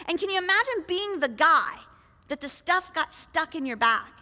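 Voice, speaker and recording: A woman's voice: extremely high pitch, lively intonation, normal speed, pushed and bright, big-room sound. A woman preacher retelling a scripture story in a conversational sermon, full of rhetorical questions. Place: church.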